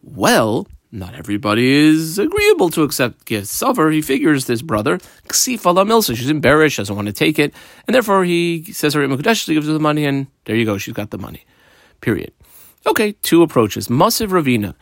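A man's voice: on the high side, wildly swooping pitch, brisk, no room sound. A man teaching a Talmud page, reading Aramaic phrases and translating them into casual English with frequent fillers. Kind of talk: daf yomi lesson.

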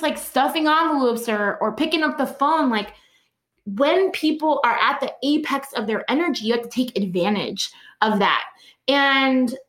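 High-voiced woman telling organizing stories. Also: reverberant. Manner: animated, laughs often while telling stories. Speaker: guest, organizer. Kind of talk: conversational storytelling.

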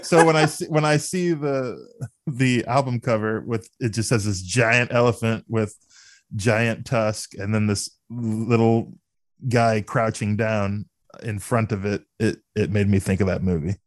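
A man's voice: on the low side, fairly even intonation, measured pace, dry recording. A man co-hosting a music podcast, telling a story in casual chat, often laughing. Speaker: podcast co-host.

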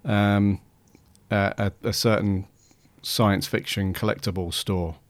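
A man's voice: on the low side, flat delivery, slow, no echo. A man co-hosting a podcast in casual chat, talking hesitantly with lots of ums. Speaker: podcast co-host.

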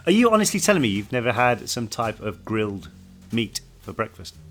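A man's voice: on the low side, sing-song, a little fast, faint music behind. A man co-hosting a podcast, chatting casually and playfully and putting on silly voices now and then. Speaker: podcast co-host.

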